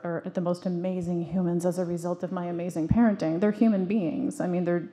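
A woman's voice: on the low side, mellow. A woman in her forties giving an earnest, emphatic talk to an audience, telling stories from her own life with frequent restarts. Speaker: parenting speaker.

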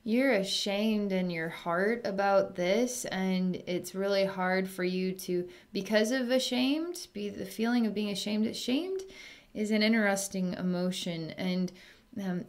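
A woman psychic healer speaking in a distance healing session, talking in a soothing, chatty way with frequent fillers and soft laughs. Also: medium pitch, unhurried.

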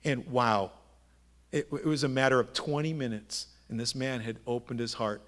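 A man's voice: medium pitch, a little fast, a bit bright. A middle-aged man, a pastor, preaching a sermon in a conversational storytelling way, asking his listeners rhetorical questions. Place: church sanctuary.

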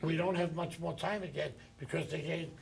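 An older man hosting a talk show, telling rambling, animated stories. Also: a little high, fairly quick, gravelly, crowd noise. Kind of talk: anecdotal chat.

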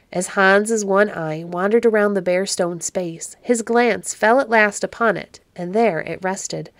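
A woman reading a classic storybook aloud as narrator, measured and expressive. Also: medium pitch, dry recording.

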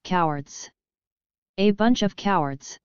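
A woman reading as an outraged, defiant male warrior roars in shame at his kneeling comrades. The voice is low for a woman and very clean, set against a dull, lo-fi sound with a faint music bed behind it. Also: takes it slowly, smooth, dry recording. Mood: scornful. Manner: roaring, indignant.

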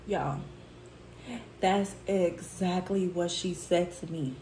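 A woman's voice: lowish voice, slow, mellow, slight background noise. Profane, venting woman in an echoey room. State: tearful. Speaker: food vlogger. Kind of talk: casual storytime chat.

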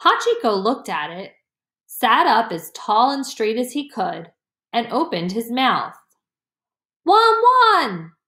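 A woman reading a children's chapter book aloud in a gentle, expressive storytelling voice. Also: a little high, a little slow. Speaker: audiobook reader. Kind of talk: slow storybook narration. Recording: roomy echo.

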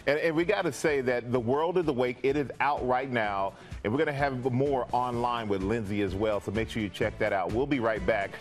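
A man's voice: mid-range voice, a little fast. A man hosting a morning TV show, upbeat and enthusiastic as he welcomes and questions a guest in the studio. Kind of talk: TV interview hosting. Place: TV studio with live audience. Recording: studio with music and crowd behind.

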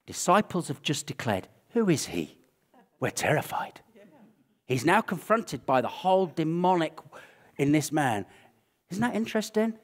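A man with an English accent preaching a sermon, telling Bible stories with animated, acted-out energy. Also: on the high side, normal speed. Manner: animated storytelling, acting out scenes. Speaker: pastor.

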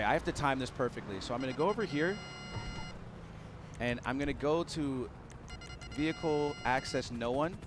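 A hoarse young man hosting a gaming channel, giving hyped, giggly commentary while he plays and shouting when things get exciting. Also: medium pitch, noisy background.

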